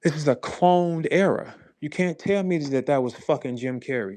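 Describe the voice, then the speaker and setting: St louis guy hosting a casual chat, slightly high voice, dry close sound, acts out the dialogue big. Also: moderate pace, hardly any pauses, dry recording. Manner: animated storyteller who acts out dialogue with big pitch jumps. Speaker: host. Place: online audio space.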